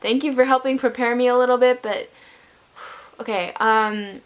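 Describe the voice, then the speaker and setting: A woman's voice: on the high side, fairly even intonation, normal speed, clean tone. Gushing young woman reviewing a book. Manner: gushing, scatterbrained, emotional. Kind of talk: casual book review vlog.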